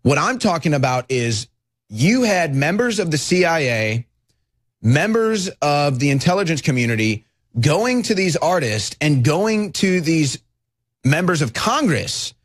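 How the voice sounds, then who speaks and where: High-pitched fired-up male radio host. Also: big pitch swings, measured pace, no room sound. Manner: fired-up, rising to shouts. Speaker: radio talk show host. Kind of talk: heated political talk radio monologue.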